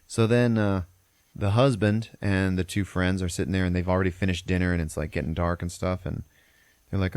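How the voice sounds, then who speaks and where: A man's voice: sits low, fairly even intonation, brisk, a little mellow, clear, resonant tone, no echo. A man hosting a podcast, retelling a film plot in a loose, profane, rambling way. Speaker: podcast host. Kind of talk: casual film recap.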